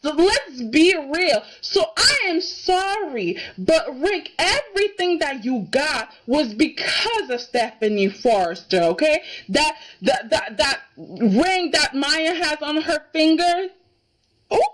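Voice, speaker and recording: A woman's voice: high-pitched, sing-song, slow, a bit bright. A woman giving a casual, indignant reaction review of a soap opera, emphatic and keeps asking "okay?".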